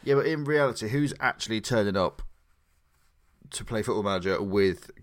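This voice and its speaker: A man's voice: fairly low pitch, animated, normal speed. A man co-hosting a podcast in casual chat, rambling and teasing, often restarting his sentences. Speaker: podcast co-host.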